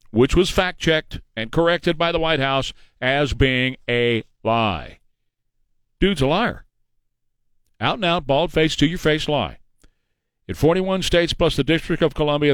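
A middle-aged man delivers a combative political monologue as a talk show host, sarcastic and quick with his jabs. His voice sits at an ordinary male pitch. The sound is close and dry, with no room around it. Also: a bit bright, clean tone, no echo. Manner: combative, sarcastic, fast-talking.

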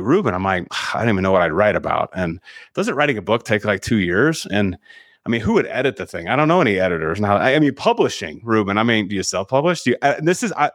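Low-voiced man telling a lively story. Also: no echo, clean studio sound. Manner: animated storyteller acting out dialogue. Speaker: guest, sales leadership coach. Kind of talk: storytelling in a podcast interview.

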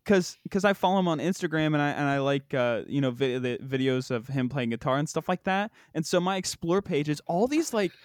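A man's voice: fairly high pitch, lively intonation, brisk, hardly any pauses, no echo, clean studio sound. A young man chatting on a comedy podcast, laughing often and saying "bro" and "dude" a lot. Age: young adult. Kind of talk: casual comedic chat.

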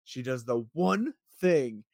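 A man's voice: medium pitch, lively intonation, slow, vocal fry, darkish tone, no echo, studio quality. A man co-hosting a casual podcast, tossing in joking asides. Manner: joking asides, laughs often. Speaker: podcast co-host. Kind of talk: casual recap chat.

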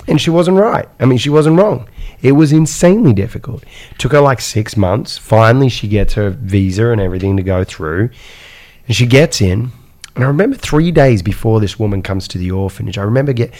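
A man from Iraq telling his life story as a guest, in an animated way with frequent fillers and "right?". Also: lowish voice, normal speed, creaky. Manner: animated, repeats "right?" and "insane", many fillers. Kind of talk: personal storytelling in conversation.

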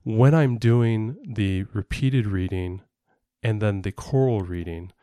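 A podcast co-host and parent explains things at length on a casual show, rambling with lots of fillers and restarts. He has a lowish, warm voice and talks slowly.

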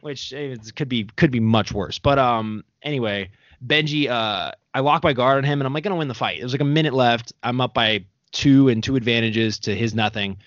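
A man's voice: medium pitch, brisk, a bit bright, no echo. A young man, a podcast host, telling stories in loose casual chat and laughing often between his fillers. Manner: rambling storyteller, laughing often, full of fillers. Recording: dull, dry sound.

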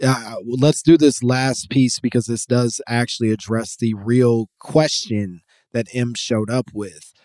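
A man's voice: mid-range voice, steady tone, unhurried, a little mellow, dry recording, clean studio sound. A man hosting a casual podcast chat, explaining at length with many fillers and restarts. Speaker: podcast host.

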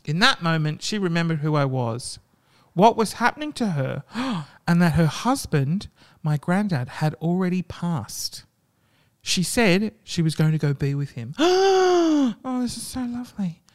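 A man reading stories aloud and breaking off into hushed, emotional asides. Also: a little high, lively intonation, unhurried. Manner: reactive, drops to hushed asides between readings.

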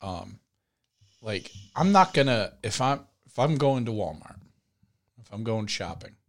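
A man co-hosting a podcast, telling everyday stories in relaxed casual chat, often dropping soft and low. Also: a little slow. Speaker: podcast co-host.

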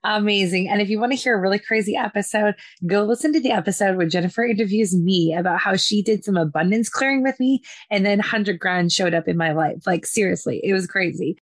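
A woman's voice: mid-range voice, a little fast, few pauses, dry recording, studio quality. A woman hosting a podcast interview, upbeat and bubbly as she asks questions. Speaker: podcast host. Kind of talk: casual interview chat.

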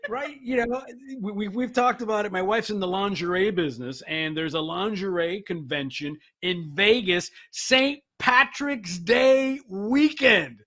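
A man hosting a sports betting show, chatting in an animated, excitable way and acting out quotes. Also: high-pitched, measured pace, hardly any pauses. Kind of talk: casual chat.

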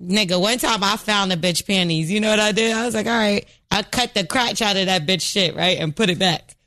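A woman's voice: mid-range voice, fairly quick, bright, forceful tone. A woman in casual chat, blunt and profane, telling stories with brash confidence.

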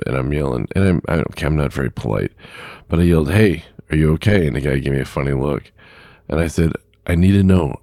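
A man's voice: a bass voice, creaky, darkish tone, dry recording, clean studio sound. A middle-aged man, a truck driver, telling a story in a blunt, rambling, plain-spoken way. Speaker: long-haul truck driver. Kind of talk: casual storytelling to camera.

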